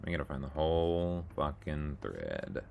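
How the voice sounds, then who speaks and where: A man's voice: very deep voice, very animated, unhurried, creaky, a little mellow, a little hiss or hum. A man casually rambling through a video blog, muttering to himself, mocking himself, and narrating as he scrolls and clicks. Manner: meandering, self-mocking, mutters while scrolling. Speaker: video blogger. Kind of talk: casual rambling screen-share monologue.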